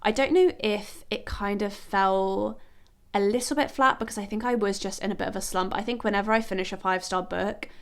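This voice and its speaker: Chatty woman with a smooth voice. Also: mid-range voice, fairly quick. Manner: chatty and rambling, many "like" fillers and self-corrections. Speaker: book vlogger. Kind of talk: casual chat reviewing books.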